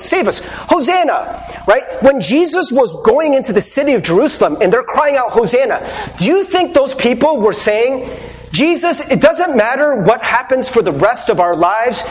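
A man's voice: very high-pitched, long reverb tail. A man preaching a sermon as pastor, earnest and conversational, asking the listeners rhetorical questions.

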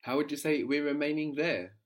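A man's voice: a little high, brisk. A man teaching a language lesson, patiently prompting his learner with questions and often ending lines with "no?".

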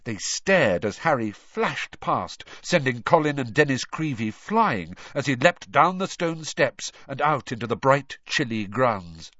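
A man reading an audiobook aloud as scripted narration, in an expressive storybook manner. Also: mid-range voice, unhurried, hardly any pauses, no room sound, highs cut off.

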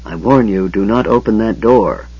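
A man's voice: fairly low pitch, moderate pace, a little mellow, slightly rough. A man voicing a frail, bitter male mage with a hissing, whispery voice and cold warnings. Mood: ominous. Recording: dull lo-fi audiobook recording.

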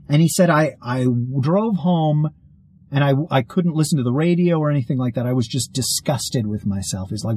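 A man's voice: mid-range voice, mellow, husky, dry recording, rough recording. A man telling a long story in casual, rambling speech, full of fillers and restarts.

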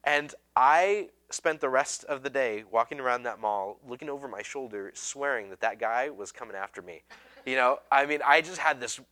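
A man's voice: mid-range voice, moderate pace, sharp tone. A man preaching a sermon as a pastor, telling stories in a casual, self-deprecating way with lots of fillers and restarts.

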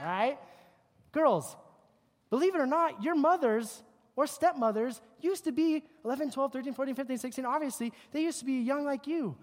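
A youth pastor giving a joking, animated sermon to a group of kids, working through slides and poking fun at teen habits. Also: mid-range voice, brisk. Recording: long hall reverb.

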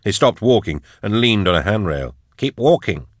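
This is scripted narration for an audiobook, read by a man whose voice runs deep. He keeps an even, measured storytelling pace, and the studio-quality sound is dry.

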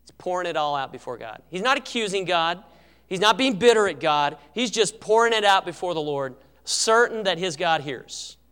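A man preaching a sermon as pastor, earnest, swinging from loud emphasis to quiet asides. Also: high voice, animated, normal speed, smooth. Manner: earnest, rises and drops in volume for emphasis. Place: church sanctuary. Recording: church sermon with long hall reverb.

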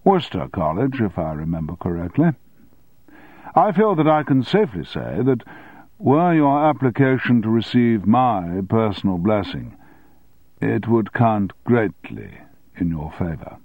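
A long-winded old headmaster, formal and measured, delivers his words with weighty self-importance, as a male narrator reads him. The sound is dry and thin, as if over a phone line. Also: lowish voice, very animated, no room sound, full character voice. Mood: pompous.

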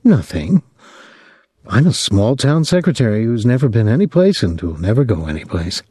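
A man's voice: mid-range voice, big pitch swings, moderate pace, mellow, husky, no room sound, studio quality. A man reading as a young woman secretary, raising his voice to speak for her in a careful, slightly stiff way.

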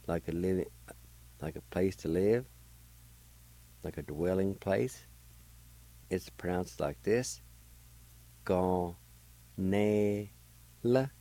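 Slow deep-voiced man teaching pronunciation. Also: mellow, low-quality recording. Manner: slow, patient, spells out letter by letter. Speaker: radio language teacher. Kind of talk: spelling and pronunciation lesson.

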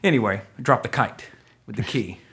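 A man's voice: mid-range voice, normal speed, a bit bright. A man hosting a podcast in casual chat, rambling and joking, often correcting himself mid-sentence. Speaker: podcast host.

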